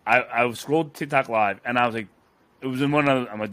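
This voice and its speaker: A man's voice: mid-range voice, fast, a bit bright. A young man co-hosting a podcast, ranting in a heated, profane way. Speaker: podcast co-host. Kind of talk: casual podcast rant.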